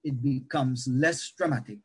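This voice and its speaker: Husky man teaching pastors. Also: medium pitch, unhurried, poor audio. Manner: animated teaching, shifting pace and loudness. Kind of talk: lecture on preaching to pastors.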